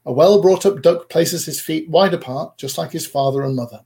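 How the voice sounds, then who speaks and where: A man's voice: a little high, moderate pace, gravelly, warm tone. A man voicing a fussy, proud mother duck who scolds, bosses and protects her brood in a storybook reading. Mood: bossy.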